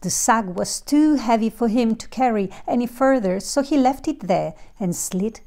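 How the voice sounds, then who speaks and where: A woman reading a fairy tale aloud slowly and clearly for learners of English. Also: on the high side, animated, dark tone. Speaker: storyteller. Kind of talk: storybook narration for English learners.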